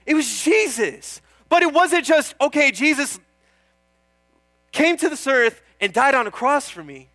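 A man's voice: very high-pitched, expressive, measured pace, bright, forceful tone, no room sound. A young man preaching a sermon in an earnest, chatty way, often calling out "Amen?" and joking about himself. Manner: self-deprecating, laughs at himself.

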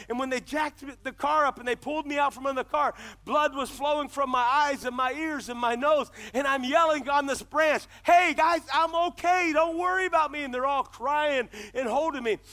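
A middle-aged male pastor delivering a passionate sermon. His voice sits very high and rings bright and forceful. He swings between quieter, earnest stretches and shouted declarations. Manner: impassioned preaching, builds to shouts.

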